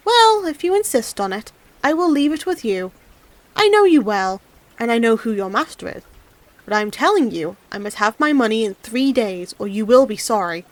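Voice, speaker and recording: A woman's voice: a little high, lively intonation, moderate pace, natural voice. A woman doing a stubborn, scolding old peasant. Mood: bargaining. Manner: indignant scolding and grumbling. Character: stubborn, hot-tempered old peasant man.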